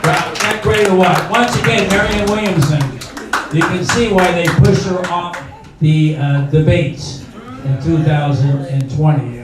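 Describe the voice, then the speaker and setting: Older man, rambling emcee, slightly high voice, far from the mic over a crowd. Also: fairly even intonation, measured pace, music in the background. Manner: rambling, chatty, many fillers. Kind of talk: live event hosting. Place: indoor bar venue. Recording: echoey room from far off with crowd noise.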